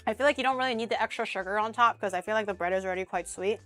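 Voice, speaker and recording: A woman's voice: medium pitch, rapid-fire, a bit bright, soft background music. A woman streamer chatting casually while tasting food she cooked, bubbly and talkative. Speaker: streamer host. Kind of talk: casual chat while eating.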